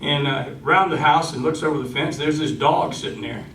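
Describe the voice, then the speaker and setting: A man's voice: on the high side, fairly quick, slight background noise. A man performing live, singing a folksy song and telling jokes in an easygoing way. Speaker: folk singer and storyteller. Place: live venue. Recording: echoey live room, far mic, loud guitar.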